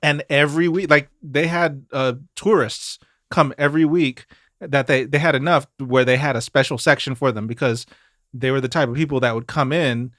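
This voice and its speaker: A man from Mississippi talking casually as a podcast guest, mid-pitched and lively, slipping into quoted voices as he tells stories. The sound is dry and close, with no room around him. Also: normal speed, no room sound. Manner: animated storyteller, acts out quoted voices. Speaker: guest singer.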